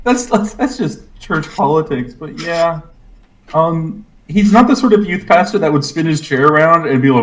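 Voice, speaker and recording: A man chatting at a tabletop game, poking fun at himself in a playful way. His voice sits a little high and swings widely in pitch. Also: expressive, normal speed, poor audio. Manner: self-deprecating, playful, makes silly noises. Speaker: player. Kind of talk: casual table chat.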